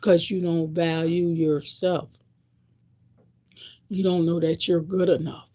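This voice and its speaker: Blunt, gravelly woman in her sixties. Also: fairly low pitch, fairly even intonation, moderate pace, dark tone. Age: 60s. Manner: blunt, repetitive, preaching. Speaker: vlogger. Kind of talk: preachy monologue to camera.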